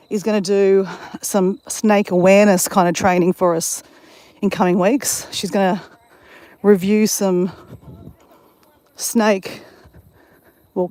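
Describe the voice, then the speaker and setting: A woman's voice: medium pitch, mellow, dry recording. Chatty woman rambling on a hike. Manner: chatty, rambling, greets viewers in chat. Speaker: vlogger. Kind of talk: casual live-stream chat while hiking. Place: outdoors on a bush walk.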